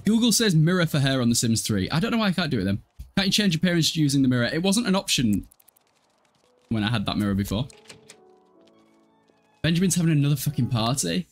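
A man's voice: on the high side, sing-song, fast, pauses often, faint music behind. A man in his twenties casually commentating a life-sim game live, chatty, swearing freely and answering chat. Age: 20s. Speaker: game streamer.

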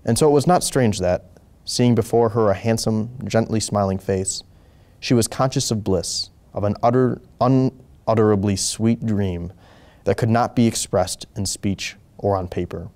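A man reading a short story aloud as host, slow and deliberate with occasional small slips. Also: on the low side, darkish tone. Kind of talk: measured story narration.

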